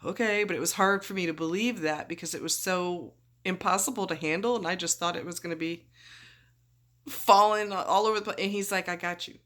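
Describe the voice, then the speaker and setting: A woman's voice: on the low side, steady tone, fairly quick, fairly bright tone. Chatty woman telling a surgery story. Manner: chatty, rambling, acts out quoted voices. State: groggy after surgery. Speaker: vlogger. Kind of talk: casual storytelling.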